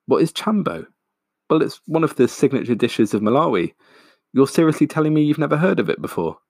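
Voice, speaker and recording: A man's voice: low voice, moderate pace, no room sound, clean studio sound. A man voicing an eager, overly earnest middle-aged dad who talks in an effusive, apologetic way.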